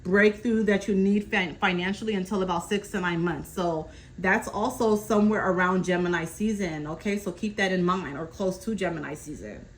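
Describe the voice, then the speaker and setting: A woman's voice: medium pitch, normal speed, few pauses, slight background noise, rough recording. Woman giving a reassuring tarot reading. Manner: reassuring, keeps checking in with "okay?"; relays messages from spirit in a steady flow. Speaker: tarot reader. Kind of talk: casual tarot reading to camera.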